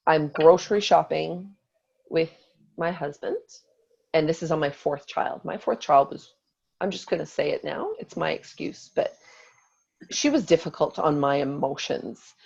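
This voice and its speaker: A woman in her forties telling a lively personal story in a motivational talk to her team, acting out what she said. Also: low-pitched, a little slow, creaky, breathy edge, lo-fi sound. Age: 40s. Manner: animated storytelling, acts out quotes.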